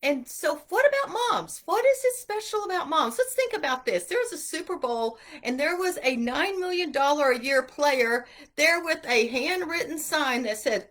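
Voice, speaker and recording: A middle-aged woman giving an earnest, animated inspirational talk to mothers about homeschooling. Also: sits high. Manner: animated, earnest, acts out quotes. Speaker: homeschool speaker.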